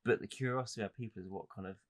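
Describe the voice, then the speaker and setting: Low-voiced laid-back male podcaster. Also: very fast. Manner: relaxed, hesitant, many fillers and restarts. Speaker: podcast co-host. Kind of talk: casual chat about anime.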